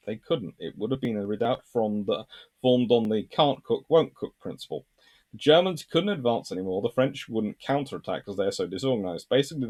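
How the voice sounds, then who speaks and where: A man's voice: medium pitch, darkish tone. A man hosting a history channel, reading viewer comments aloud and answering them in a rambling, thinking-aloud way.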